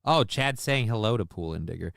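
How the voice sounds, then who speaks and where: A man's voice: lowish voice, animated, a little fast, vocal fry, a bit bright, no room sound, studio quality. A man hosting a casual livestream, rambling, cursing and making sarcastic asides while reading chat messages. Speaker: livestream host.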